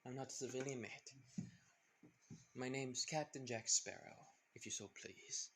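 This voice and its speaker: A man's voice: medium pitch, measured pace, a bit bright, slight background noise. A man voicing a roguish, swaggering male pirate captain with a drawling delivery in a fan-made story.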